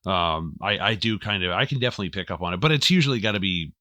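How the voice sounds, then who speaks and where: A man's voice: low-pitched, lively intonation, fast talker, pushed and bright, no echo. A man co-hosting a casual film podcast, joking and swearing freely, slipping into silly voices. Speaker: podcast co-host. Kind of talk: casual film-review chat.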